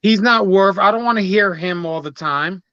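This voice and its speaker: A man's voice: high voice, moderate pace, bright, forceful tone, clear, resonant tone, dull audio. A man co-hosting a sports podcast, making blunt, dismissive remarks in casual chat. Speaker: podcast co-host.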